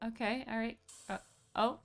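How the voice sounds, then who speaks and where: A woman hosting a gameplay stream, chatting in an excitable, animated way. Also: a little high. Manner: excitable, animated, quick reactions. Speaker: streamer host. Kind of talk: casual gameplay chat.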